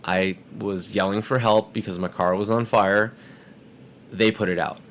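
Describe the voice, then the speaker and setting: A man's voice: fairly low pitch, measured pace, slight background noise. A man telling a story in a casual podcast chat, acting out the voices of people in it. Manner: animated, acts out quoted voices. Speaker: podcast guest.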